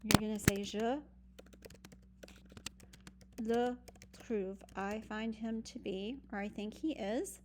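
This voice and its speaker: A woman's voice: medium pitch, fairly even intonation, takes it slowly, pauses often, a little hiss or hum. Patient woman teaching a French lesson. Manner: patient, explains step by step with many ums. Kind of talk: recorded virtual lesson walkthrough.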